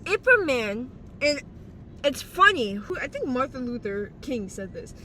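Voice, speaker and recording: A woman's voice: sits high, very animated, measured pace, bright, forceful tone, slight background noise. A young woman with a slight lisp, ranting in a casual vlog, heated and exclamatory with plenty of swearing. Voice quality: slight lisp from dental aligners. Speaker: vlogger giving life advice.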